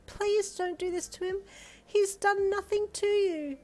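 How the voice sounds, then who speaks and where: Storybook role: a woman playing a young fairy royal, high and pleading, urgent. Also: steady tone, a little slow, darkish tone, faint music behind. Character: shy young fairy princess, anxious but brave.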